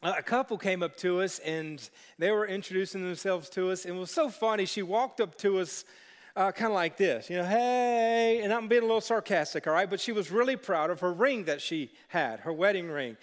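A pastor with a high-pitched voice, talking a little fast, preaches a sermon in a church sanctuary where the sound echoes with long reverb. His storytelling comes alive with playful voices for the people he describes.

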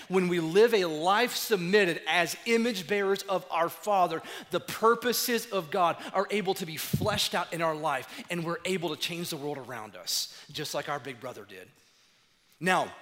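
Man preaching, animated storyteller, slightly high voice, bright tone, long hall reverb. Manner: animated, acts out dialogue in storytelling. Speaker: pastor. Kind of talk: sermon.

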